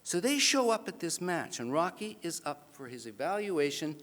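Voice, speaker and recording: Guy telling a funny story at an awards dinner, kinda high voice, big reverb from the hall. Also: normal speed, few pauses. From Canada. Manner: animated, self-mocking anecdote with acted-out voices. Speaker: awards speaker. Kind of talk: comic storytelling speech. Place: banquet hall.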